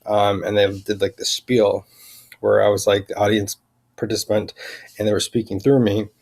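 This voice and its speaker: A man vlogging a rambling personal account, halting and full of fillers and restarts. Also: on the low side, completely flat delivery, vocal fry, darkish tone.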